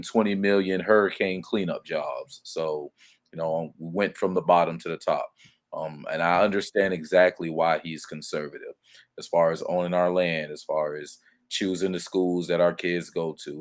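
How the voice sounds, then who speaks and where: A man, calling in to chat in a laid-back, slangy way. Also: deep voice. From Georgia. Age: 30s. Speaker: guest caller. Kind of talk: casual chat.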